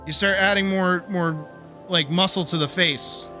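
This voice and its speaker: A man streaming live, talking casually and getting wildly animated, swearing freely as he demonstrates his art. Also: high-pitched, measured pace, soft background music. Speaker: streamer and artist.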